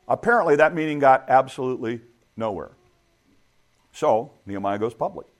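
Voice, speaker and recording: A man's voice: mid-range voice, lively intonation, normal speed. A middle-aged man preaching a sermon in a conversational way, asking his listeners rhetorical questions. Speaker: pastor.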